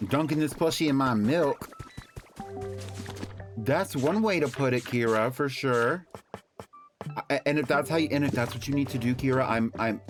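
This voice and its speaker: A man's voice: mid-range voice, moderate pace, long pauses. A man chatting casually with his viewers on a live stream, rambling and playful while he builds. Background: background music.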